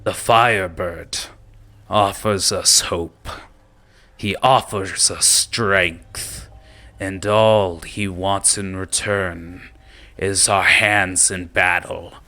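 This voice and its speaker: Man doing a hulking ogre-like goblin king: low, forceful voice with slow, grand speeches. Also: steady tone, exaggerated voice. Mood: rallying. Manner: slow, loud, declaiming speech.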